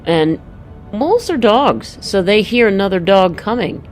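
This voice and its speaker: A woman gently walking children through a picture book, explaining each page and thinking aloud as she goes. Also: mid-range voice, very animated, a little slow, soft background music.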